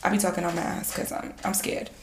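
A young woman chatting casually, telling stories in a raw, blunt, animated way. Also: lowish voice, quick pace, gravelly, noisy background. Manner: blunt, raw, animated storytelling with bursts of laughter. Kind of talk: casual chat. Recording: echoey room.

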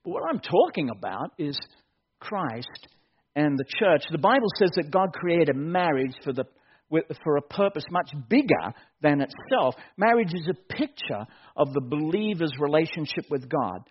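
A man preaching a sermon as pastor, joking and building to excited shouts. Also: fairly high pitch, moderate pace, breathy edge, muffled recording.

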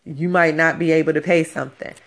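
Woman, deep speaking voice, frank and profane, casual personal talk. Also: steady tone, fast talker. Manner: blunt, profane, conversational.

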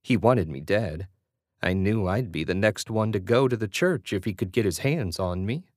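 A male audiobook narrator with a lowish voice reads in a steady, even way. The recording is close and very dry, with no room around it. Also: normal speed, dry recording. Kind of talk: scripted narration.

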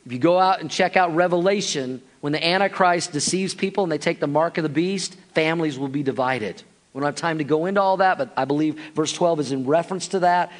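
Man with a high voice, pastor, preaching a sermon, speaks straight to the congregation. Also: brisk. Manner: addresses the congregation directly, acts out listeners' reactions.

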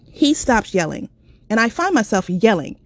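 A woman's voice: medium pitch, big pitch swings, moderate pace, no room sound. A woman telling a personal story in a raw, candid and profane way.

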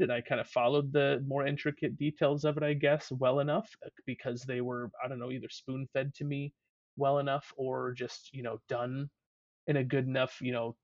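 A man's voice: medium pitch, no echo. A man rambles through casual podcast chat, loose and self-deprecating. His voice comes through a dull, lo-fi recording with no room sound. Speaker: podcast co-host.

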